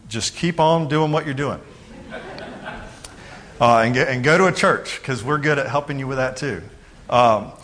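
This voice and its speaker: A man giving a sermon as pastor, talking in a loose, conversational way with jokes and quick acted-out voices of other people. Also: on the high side, fairly bright tone.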